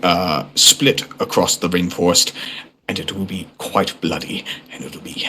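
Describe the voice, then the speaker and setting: A man's voice: low voice, steady tone, moderate pace, bright, forceful tone, slight background noise. A man putting on a pompous nature-documentary narrator voice in voice chat, speaking with mock-solemn gravity. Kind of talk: voice chat role-play.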